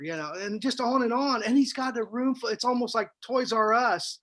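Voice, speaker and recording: A man, co-host and author on a podcast, tells a story in a casual, animated way, repeating himself and adding fillers as he goes. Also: very high-pitched, normal speed, hardly any pauses. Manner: animated, rambling storyteller who repeats words.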